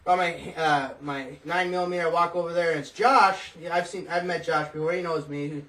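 Rambling, excitable man in an echoey room. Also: a little high, a little fast, recorded from a distance. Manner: excited, rambling with many restarts. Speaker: guest telling a story. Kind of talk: casual storytelling.

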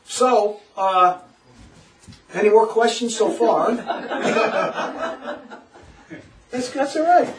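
A man giving a passionate religious lecture to a small group, animated and laughing often as he acts out quotes. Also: extremely high pitch, very slow, long pauses, roomy sound, far from the mic, slight background noise, poor audio. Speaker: religious teacher.

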